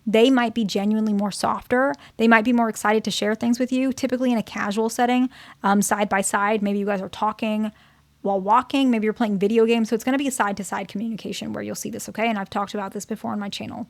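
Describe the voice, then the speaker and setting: A woman's voice: mid-range voice, steady tone, fast talker, gravelly, no room sound. A woman therapist giving relationship advice in a casual, conversational way, often checking in with "okay?" and "right?". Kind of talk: casual advice talk to her channel's viewers.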